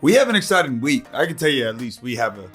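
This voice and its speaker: A man's voice: medium pitch, very animated, fast, fairly bright tone, faint music behind. A man co-hosting a podcast, opening the show with upbeat, friendly banter. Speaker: podcast co-host. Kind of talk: casual podcast intro chat.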